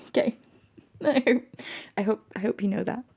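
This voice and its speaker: A young woman, voice sitting a little high, chatting casually with her live-stream viewers. She giggles often and breaks into laughter between sentences. The sound is close and clear, like a desk microphone. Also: normal speed, a little mellow.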